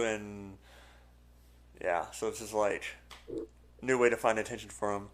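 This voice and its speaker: A man's voice: fairly low pitch, steady tone, a little slow. A man joining a podcast over a video call, chatting casually in a laid-back way with short remarks. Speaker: podcast panelist.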